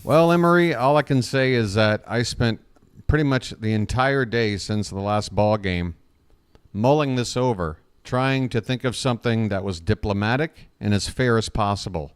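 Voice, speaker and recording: A man's voice: on the low side, moderate pace, clear, resonant tone, dry recording. Dry-sounding fan play-by-play man. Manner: chatty, addresses listeners as folks, frequent uh fillers. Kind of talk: live fan play-by-play and commentary.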